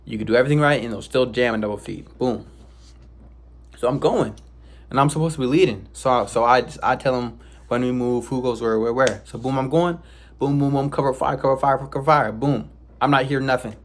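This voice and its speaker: A young man casually recounting his own experience in a vlog, rambling with restarts and sound effects like "boom". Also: steady tone, fairly quick. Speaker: vlogger. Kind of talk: casual storytelling.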